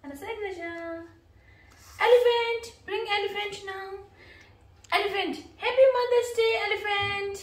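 A woman's voice: extremely high pitch, fairly even intonation, unhurried, echoey room. A woman playing with her child in a home video, coaxing and singing in sing-song baby talk.

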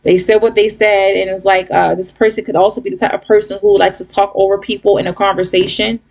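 A woman's voice: medium pitch, fairly even intonation, quick pace, vocal fry, darkish tone. A woman giving a casual tarot reading to her viewers, rambling and blunt, with lots of fillers and "okay?" checks. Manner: blunt, occasional cursing. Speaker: tarot reader.

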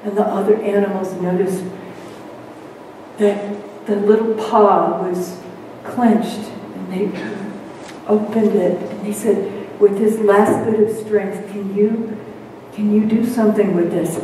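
Slow, mellow-voiced woman minister telling a story. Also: mid-range voice, steady tone, a little hiss or hum. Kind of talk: storytelling sermon. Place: church sanctuary. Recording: echoey church hall, mic far off.

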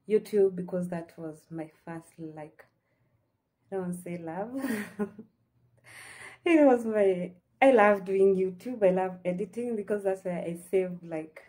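Mellow-voiced Kenyan woman vlogging. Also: mid-range voice. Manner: chatty and heartfelt, mixing in Swahili phrases. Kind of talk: casual chat to camera.

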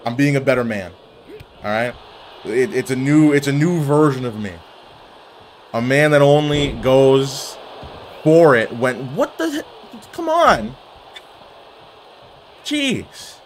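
Man, gaming commentary, excitable trash talk, wrestling slang, mid-pitched voice, faint background noise. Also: measured pace, long pauses. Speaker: gaming video creator. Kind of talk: live commentary over his own online game.

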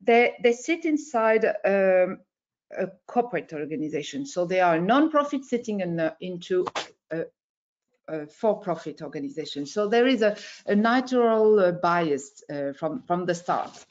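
Speaking over a video call, this webinar host gives her opening remarks haltingly, filling gaps with ums and ahs. Her pitch sits on the low side but swings widely, her pace is moderate, and the high frequencies are clipped.

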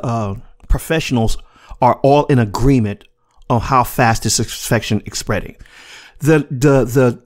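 A man hosting a casual commentary podcast, talking emphatically with repeats and swearing. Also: medium pitch. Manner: emphatic, repetitive, profane. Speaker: podcast host.

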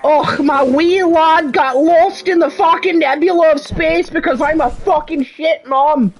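A man putting on a shrill, sneering parody of a woman with a fake lilting accent. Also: steady tone, measured pace. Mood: mocking.

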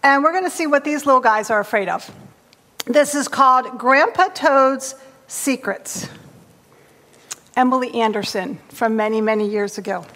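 A woman leading a children's story time in church, reading aloud in a bright, animated way while sitting on the steps. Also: high voice, normal speed. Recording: long church hall reverb.

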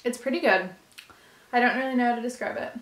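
A woman's voice: a little high, fast talker, a bit bright. A young woman vlogger chatting casually through a snack taste test, full of "like" fillers. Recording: echoey room with faint noise.

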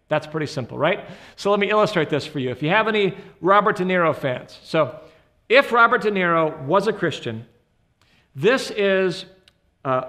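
A man with a high, bright voice giving a humorous Christian teaching. He tells stories animatedly, shifting in and out of comic voices, and his tone stays light and lively throughout. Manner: animated storyteller, quick to slip into voices.

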